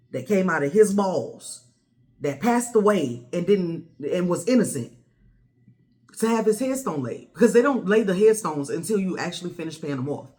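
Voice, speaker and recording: A woman, telling a personal story to the camera in a blunt, animated way with plenty of swearing. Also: fairly low pitch. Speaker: vlogger. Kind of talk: casual storytelling.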